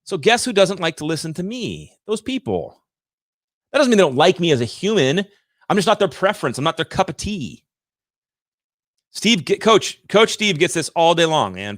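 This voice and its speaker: A man in his thirties hosting a livestream, giving an energetic, emphatic motivational rant on sales and talking straight to his viewers. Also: sits high, no echo, studio quality. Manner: energetic, emphatic and ranting, addresses viewers directly. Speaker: livestream host and sales coach.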